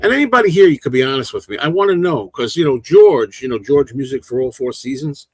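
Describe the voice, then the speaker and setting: A man in his sixties hosts a casual livestream, talking quickly and passionately, often restarting his sentences. His voice sits at an ordinary middle pitch. The sound is dry and close, with no room echo. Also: expressive, darkish tone, breathy edge. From big city in the northeastern US. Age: 60s. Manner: fast, passionate, rambling talk with many restarts. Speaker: livestream host. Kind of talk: casual chat with live chat.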